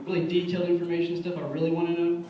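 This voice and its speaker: Speaking very fast and fairly monotone in a slightly high voice, a young man does a stand-up set in a bar music venue, with the highs cut off and a noisy background. He tells stories casually, voicing his friends, recorded on a distant, echoey room mic as the audience laughs.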